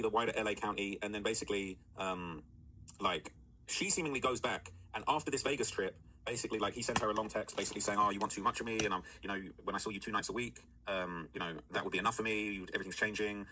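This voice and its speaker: A man's voice: fairly low pitch, noisy background. A man hosting casual commentary, talking in a rambling way with many fillers and "all right?" checks. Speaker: commentary host.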